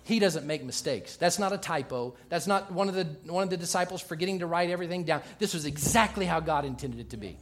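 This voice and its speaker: A pastor preaching a sermon, emphatic, swinging between quiet asides and loud, passionate stretches. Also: male voice, a little high, expressive, fast talker, hardly any pauses.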